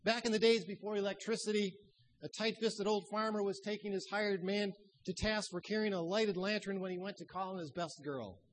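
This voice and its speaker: A man preaching a sermon, telling stories and dropping his voice low and soft for emphasis. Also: fairly even intonation, brisk, slight background noise, low-quality recording. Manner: storytelling preacher who drops to hushed tones.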